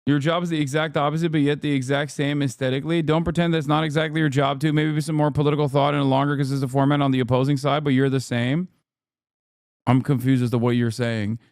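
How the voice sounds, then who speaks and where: A man's voice: fairly high pitch, flat delivery, quick pace, darkish tone, smooth, dry recording, studio quality. A man in his thirties giving sarcastic, incredulous commentary on a live stream while reacting to a news report.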